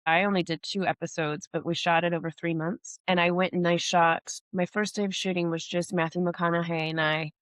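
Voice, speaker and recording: A woman with a lowish voice recounting her acting career in a candid interview. She tells stories with lots of "like" fillers and acts out what people said to her. The sound is close and dry. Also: fairly quick, few pauses, no echo. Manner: animated anecdotes with many "like" fillers and acted-out quotes. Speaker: actress and podcast host, interview guest.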